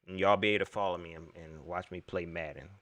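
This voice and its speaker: His low, slightly bright voice moves fast with fairly even intonation as he hosts a casual solo livestream. The man rambles in exasperation, venting about sports directly to viewers and repeating himself.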